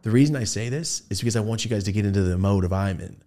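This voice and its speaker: A young man hosting a podcast, telling a story casually and acting out quotes with sudden shouts. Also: very fast. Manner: animated, acts out quotes with big pitch jumps and shouts. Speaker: podcast host.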